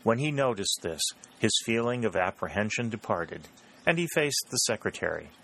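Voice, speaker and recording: A man narrating an audiobook in a steady, even reading voice. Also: on the low side, rough recording. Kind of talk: scripted narration of a historical novel.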